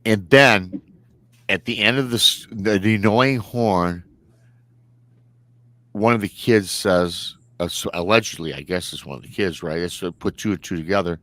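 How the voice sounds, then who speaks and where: Chatty low-voiced man telling a story. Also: moderate pace, fairly bright tone, no echo. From Michigan, United States. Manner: chatty, colloquial, repeats "he goes" while retelling. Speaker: livestream host. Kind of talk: storytelling on a livestream show.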